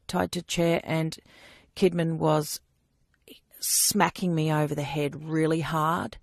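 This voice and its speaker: A woman recounting personal testimony in a halting way, with frequent fillers and restarts. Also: low-pitched, gravelly, dry recording, clean studio sound. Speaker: abuse survivor giving testimony.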